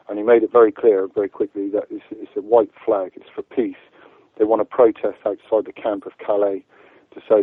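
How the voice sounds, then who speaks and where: A man speaks over a tinny, phone-like line in a fairly low voice that sounds dry and close. He talks earnestly as an activist guest, stumbling over his words and repeating them as he goes. The line is thin and narrow. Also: little pitch movement, breathy edge, dry recording. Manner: halting, repeats words often. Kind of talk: earnest interview answers.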